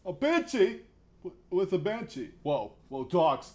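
Man doing a high-strung scaredy-cat guy, squeaky high voice, stammering, swinging up and down in pitch. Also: very animated, unhurried, a little mellow, exaggerated voice. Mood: nervous. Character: jumpy easily spooked young man named Scott.

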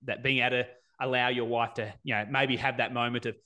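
A man in his forties hosting a casual interview, speaking warmly with many ums and restarts. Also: medium pitch, steady tone, fast. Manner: warm, hesitant, many ums. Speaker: interviewer, fitness coach.

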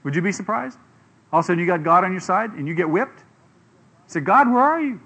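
A man preaching a sermon, retelling a scripture story in a lively way and asking his listeners questions. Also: sits high, fast, vocal fry, slightly rough. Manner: animated, acts out quoted voices, asks the audience questions.

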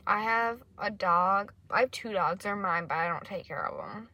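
A young woman co-hosting a podcast in casual chat, animated and swearing freely as she acts out what people said. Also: medium pitch, moderate pace. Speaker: podcast co-host.

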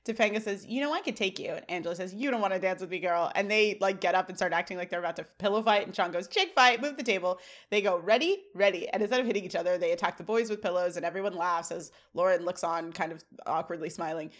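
A woman's voice: on the low side, fast talker, hardly any pauses. A woman co-hosting a podcast, recapping a sitcom episode in casual chat and acting out the lines as she goes. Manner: animated retelling, acting out lines. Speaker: podcast co-host.

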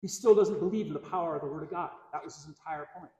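A man with a high voice preaches a sermon, earnest and repeating key phrases to drive them home. His words ring out in a roomy church with a long, trailing reverb. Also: fast talker, darkish tone. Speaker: pastor.

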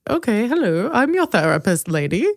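A woman voicing a deadpan, bossy mock therapist who hands out dry, matter-of-fact advice in a lowered voice. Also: normal speed, dry recording.

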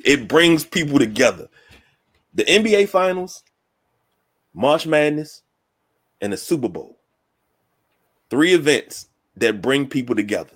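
A man hosting a casual sports talk show, telling stories from work and school with lively acted-out quotes. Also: mid-range voice. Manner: storytelling, animated when acting out quotes.

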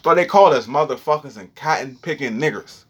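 A man's voice: medium pitch, expressive, brisk, slight background noise. A young man giving a heated, profane, preachy freestyle rant monologue.

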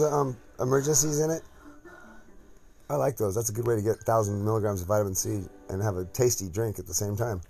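A man's voice: on the low side, fairly quick, gravelly, dark tone, faint music behind. Crude, joking man at home. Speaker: podcast host. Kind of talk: casual chat.

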